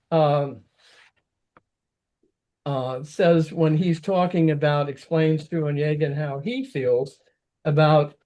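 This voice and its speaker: A man's voice: fairly high pitch, mellow, highs cut off. A man giving an informal talk about an opera, rambling with frequent restarts. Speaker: opera lecturer.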